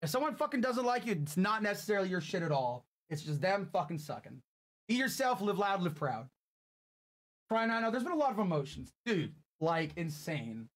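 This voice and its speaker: A man's voice: high voice, big pitch swings, normal speed. A young man streaming a game, teary and grateful, swearing often while chatting with his viewers. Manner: tearful, grateful, swears a lot. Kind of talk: emotional live-stream chat. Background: game music.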